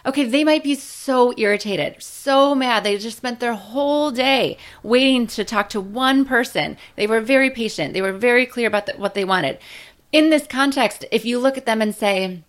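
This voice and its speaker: Woman, nurse educator, casual teaching talk, conversational, lively emphasis. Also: fairly high pitch, moderate pace. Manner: conversational, frequent "right?" and "you know" tags.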